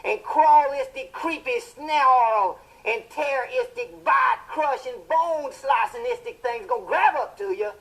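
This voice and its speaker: An actor playing a fiery male television preacher, delivering a sermon in a booming, impassioned style with drawn-out emphatic phrases. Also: gravelly, a bit bright, exaggerated voice, poor audio.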